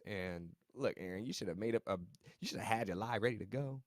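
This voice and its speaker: A man's fairly low voice walks through a TV episode in a loose, chatty recap, full of slang and side remarks to his viewers. He chuckles here and there as he reacts. The sound is dry and close, with no room echo. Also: quick pace. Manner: chuckles now and then while talking. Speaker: TV recap host.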